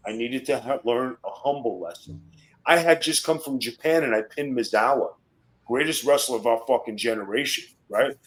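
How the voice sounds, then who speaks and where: A man's voice: mid-range voice, fairly bright tone, low-quality recording. A middle-aged man, a former wrestler and podcast guest, telling blunt, profane tough-guy stories in casual talk. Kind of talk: casual storytelling interview.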